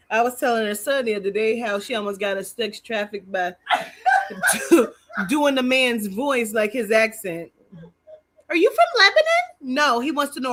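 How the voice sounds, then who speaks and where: A woman's voice: on the high side, background noise. Laughing, foul-mouthed woman chatting. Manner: loud, profane, bursts into laughter. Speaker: podcast co-host. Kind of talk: casual chat.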